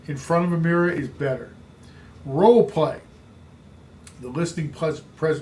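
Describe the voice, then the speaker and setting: A man's voice: on the high side, a little mellow, slight background noise. Emphatic man coaching agents. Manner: emphatic, repeats key phrases for drive. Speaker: real estate trainer and podcast host.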